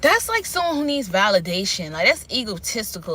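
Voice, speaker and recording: Bright-voiced woman ranting candidly. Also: mid-range voice, very animated, brisk, few pauses, slightly rough. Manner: candid, rambling, swears freely. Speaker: vlogger. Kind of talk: unscripted rant to camera.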